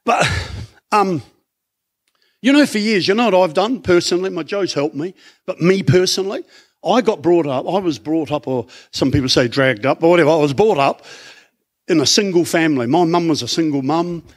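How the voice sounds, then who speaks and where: A middle-aged man with an Australian accent preaching in church, conversational and animated, full of rhetorical questions. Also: on the high side, normal speed. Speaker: pastor. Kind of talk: sermon.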